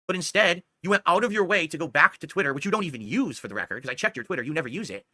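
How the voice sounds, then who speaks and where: Fast, sharp-voiced man ranting angrily. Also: on the high side, animated, no room sound, clean studio sound. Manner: heated, scolding, profane, repeatedly asking "do you understand". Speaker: streamer. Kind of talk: angry ranting monologue.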